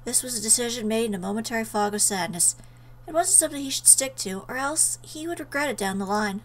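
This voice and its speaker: A let's player with a slightly high-pitched voice reads a visual novel aloud earnestly and quickly, stopping now and then for emotional asides. The recording is rough.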